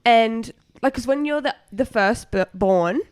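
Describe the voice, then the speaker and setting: A woman in her twenties co-hosting a podcast, telling stories in a casual, animated way, full of "like" and acted-out quotes. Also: on the high side, a little slow, smooth. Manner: animated storyteller, lots of "like", acts out quotes. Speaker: podcast co-host. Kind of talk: casual chat.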